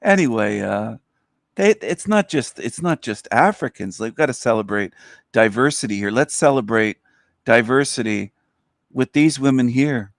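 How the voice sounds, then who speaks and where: Gravelly-voiced man, dry and close. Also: mid-range voice, expressive, moderate pace, no echo. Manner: sarcastic, mock-sincere. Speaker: livestream host. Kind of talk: casual livestream commentary.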